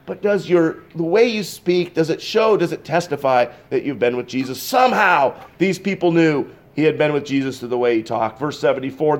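A male pastor preaching a sermon to a church congregation, swinging between loud, emphatic bursts and quiet, intense passages. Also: on the high side, normal speed, hardly any pauses. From Pacific Northwest. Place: church sanctuary.

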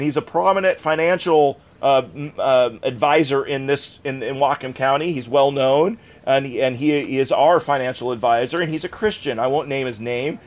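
A man preaching a sermon with an earnest, conversational delivery. His voice sits fairly high for a man, and he repeats phrases to drive each point home. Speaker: pastor.

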